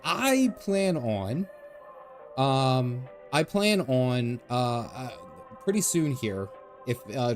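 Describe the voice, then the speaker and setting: A man's voice: medium pitch, darkish tone. A man streaming a game, chatting casually and rambling as he answers his chat. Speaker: gaming streamer. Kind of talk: casual live-stream chat while gaming.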